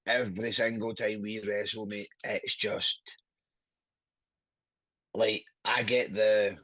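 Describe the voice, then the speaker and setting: A Scottish man with a husky, low-pitched voice chats as a podcast guest, blunt, sweary and quick to laugh. The audio is dry and dull, with a lo-fi feel. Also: little pitch movement, a bit bright, no echo. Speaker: wrestler guest. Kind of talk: casual podcast chat.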